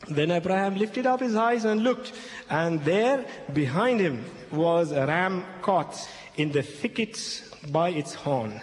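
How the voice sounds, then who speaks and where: A man's voice: sits high, lively intonation, slow. A man speaking as a Christian speaker to an audience. He retells a Bible story in broken English, repeating key phrases and often checking in with "okay?". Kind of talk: expository talk retelling a Bible passage. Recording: echoey hall with faint background noise.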